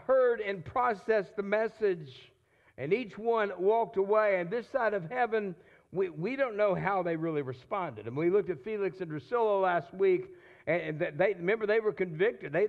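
Man, high voice, sermon, conversational preaching, repeats words, dull lo-fi sound. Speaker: pastor.

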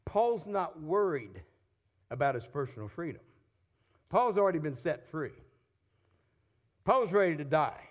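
A man's voice: a little high, sing-song, unhurried, pauses often, lo-fi sound. A man preaching a sermon in a conversational way, often repeating and restarting his words. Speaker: pastor.

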